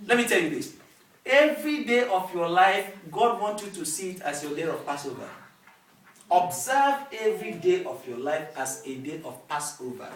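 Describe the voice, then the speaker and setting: Animated preacher in an echoey church. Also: male voice, high-pitched, moderate pace. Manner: lively call-and-response preaching. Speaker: pastor. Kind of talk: sermon. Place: church hall. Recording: echoey hall, distant mic, faint noise.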